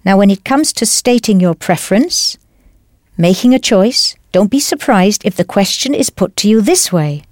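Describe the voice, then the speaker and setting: A woman teaching a language lesson in a clear, patient, encouraging scripted voice. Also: medium pitch, lively intonation, moderate pace, a little mellow, dry recording, studio quality.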